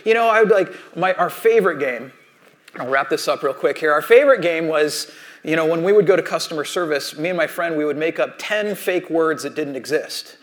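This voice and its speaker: A man with a fairly high voice tells stories from his own life to an audience. He keeps it loose and conversational, with a steady stream of casual asides. The talk builds toward a motivational point. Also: a little fast. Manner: chatty storytelling, many "like" and "you know" asides. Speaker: speaker addressing an audience.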